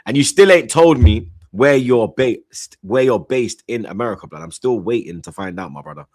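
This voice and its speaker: A man chatting casually on a football stream, rambling through shout-outs with slang and repeated "you get me". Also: medium pitch, lively intonation, moderate pace, no room sound, studio quality. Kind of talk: casual chat, reading out super chats.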